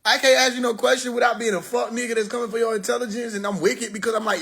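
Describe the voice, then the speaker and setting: A man's voice: very high-pitched, fast talker, vocal fry, husky. A young man, talking casually on a phone livestream and animatedly acting out the people in his stories. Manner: animated storytelling, acts out quoted people, laughs. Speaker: live stream host.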